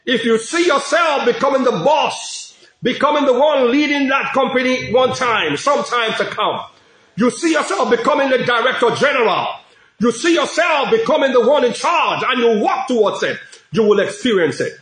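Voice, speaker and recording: A middle-aged man preaches in a notably high voice, hammering each point through repetition and shouts of praise. The sound carries a roomy echo. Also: expressive, moderate pace. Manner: emphatic, repetitive preaching with frequent praise interjections. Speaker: pastor. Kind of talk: sermon. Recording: echoey room.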